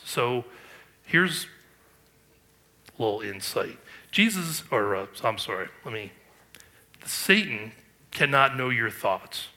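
A man's voice: medium pitch, animated, slow, long pauses, bright, forceful tone. A man preaching a sermon, earnest and emphatic, with rhetorical questions. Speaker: pastor.

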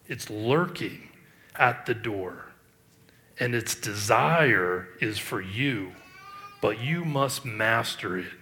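Bright-voiced man preaching a sermon. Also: on the low side, lively intonation, slow. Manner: reads scripture aloud, then comments with emphatic rises and quiet asides. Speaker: pastor.

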